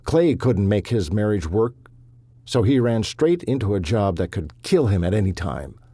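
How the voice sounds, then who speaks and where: A torn, impulsive rancher father pours out his regrets in an earnest, anguished way, voiced by a male narrator. The voice is low, husky and warm. It sounds close and dry, in a storybook reading. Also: big pitch swings, normal speed, dry recording.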